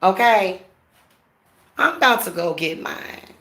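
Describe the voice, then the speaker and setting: A woman's voice: fairly low pitch, expressive, slow, vocal fry, fairly bright tone, roomy sound, a little hiss or hum. Blunt, profane woman ranting at home. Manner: blunt, profane, laughing, talks straight to viewers. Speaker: spiritual practitioner vlogger. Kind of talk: casual ranting vlog.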